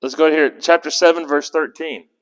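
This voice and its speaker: A man's voice: on the high side, steady tone, normal speed. A man teaching a casual Bible study in a conversational, rambling way, often correcting himself mid-sentence. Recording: long hall reverb.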